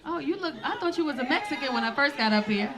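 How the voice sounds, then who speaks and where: A middle-aged woman comedian works a live club, brash and profane as she tells stories and picks on the crowd. Her voice sits high and bright. Loud audience laughter rolls behind her on a handheld stage mic. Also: expressive, fast talker. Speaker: stand-up comedian. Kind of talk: stand-up set.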